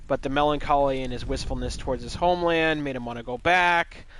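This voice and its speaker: A man's voice: medium pitch, fairly even intonation, brisk, a bit bright, a little hiss or hum. A man streaming a game live, retelling a story in a loose, rambling, joking way with plenty of swearing. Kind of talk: casual live gaming commentary.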